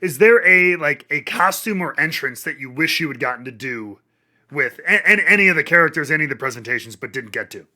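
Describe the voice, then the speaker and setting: A man hosting a casual interview podcast, reading listener questions in a relaxed way with fillers. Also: on the high side, fairly quick. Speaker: podcast host.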